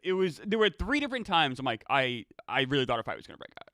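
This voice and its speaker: A man's voice: mid-range voice, fast talker, dry recording. A man co-hosting a sports podcast, telling stories in casual chat with lots of restarts. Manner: animated storytelling with frequent restarts. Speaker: podcast co-host.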